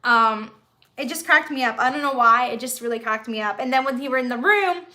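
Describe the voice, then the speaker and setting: Bright-voiced chatty woman streaming live. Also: a little high, fairly quick. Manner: chatty, rambling, reads viewer comments aloud. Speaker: streamer hosting a live discussion. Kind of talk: casual live-stream chat. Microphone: phone on a tripod.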